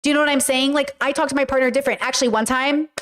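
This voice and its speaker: A woman's voice: high-pitched, fairly even intonation, very fast, a bit bright. A woman hosting a podcast, talking frankly and casually to her viewers, with lots of fillers, casual swearing and acted-out quotes. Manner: chatty, frank, many fillers, acts out quoted speech. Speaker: podcast host.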